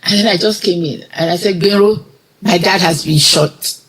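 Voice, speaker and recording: A woman's voice: fairly low pitch, moderate pace, a bit bright, slightly rough, rough recording. A middle-aged woman with a Nigerian accent, an interview guest telling a personal story with feeling and acting out the words of the people in it. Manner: vivid retelling that acts out others' quoted words.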